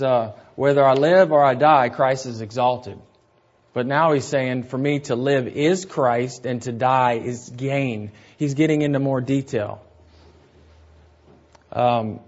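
A man's voice: medium pitch, a little mellow, lo-fi sound. A man preaching an expository sermon, teaching verse by verse and repeating key phrases for emphasis. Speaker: pastor.

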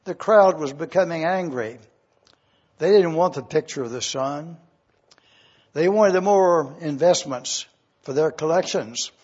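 A man delivers a sermon as a slow, earnest story, and his voice sits high for a man. The sound is husky and a little breathy. The recording is dull and lo-fi. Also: darkish tone. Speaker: preacher. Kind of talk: sermon illustration told as a story.

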